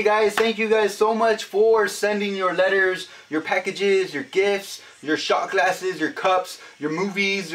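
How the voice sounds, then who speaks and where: A man casually chatting as he opens fan mail for his vlog, upbeat and often shouting out exclamations. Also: sits high. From United States. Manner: upbeat, punctuates items with loud exclamations. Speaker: vlogger opening fan mail.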